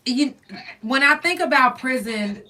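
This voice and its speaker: A woman hosting a podcast, telling stories in a blunt, profane, animated casual chat. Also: sits high, measured pace. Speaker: podcast host. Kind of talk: candid casual chat, storytelling. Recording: voice somewhat distant from the mic.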